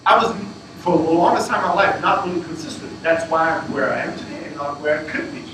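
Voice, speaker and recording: High-pitched guy talking blunt and sweary at an event, far from the mic, lots of echo. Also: fast. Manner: blunt, profane, emphatic storytelling. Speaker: startup founder speaking at a fireside chat. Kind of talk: casual talk to an audience. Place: event room with an audience. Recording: far-off echoey room with loud noise.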